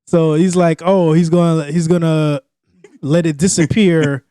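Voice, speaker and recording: A man's voice: on the high side, steady tone, measured pace, mellow, clear, resonant tone, dry recording, studio quality. A man, co-hosting a podcast, telling a story in a laid-back, slangy way and often chuckling. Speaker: podcast co-host. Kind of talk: casual comedic storytelling.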